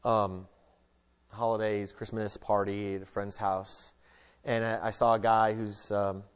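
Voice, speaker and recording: A man's voice: fairly low pitch, unhurried, clear, resonant tone. A casual, joking middle-aged man preaching. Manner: casual and joking, shifting between lively emphasis and hushed earnestness. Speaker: pastor. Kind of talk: conversational sermon.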